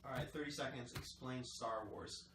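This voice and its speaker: A man's voice: medium pitch, steady tone, moderate pace, fairly bright tone, distant mic. A man giving short casual prompts to a friend and laughing along. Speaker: quiz giver. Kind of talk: casual chat. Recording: roomy echo from off-mic, faint noise.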